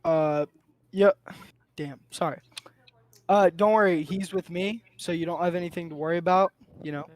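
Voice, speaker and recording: A man with a high voice plays in a tabletop game. He sounds laid-back and jokey, chatting casually with the table. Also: fairly even intonation, normal speed, long pauses, no echo. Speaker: player.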